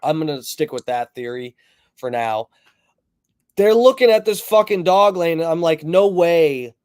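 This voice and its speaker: A man's voice: on the high side, expressive, moderate pace, darkish tone, clear, resonant tone, dry recording, studio quality. A man streaming, telling a long story in a rambling way, swearing constantly. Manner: rambling, heavily profane storytelling.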